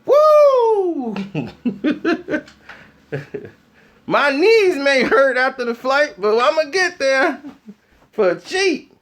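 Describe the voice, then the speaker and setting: A man's voice: extremely high pitch, big pitch swings, slow pace, a bit bright. A man ranting casually to the camera with slangy talk, telling funny stories and laughing often. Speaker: vlogger. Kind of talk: casual comedic rant to camera.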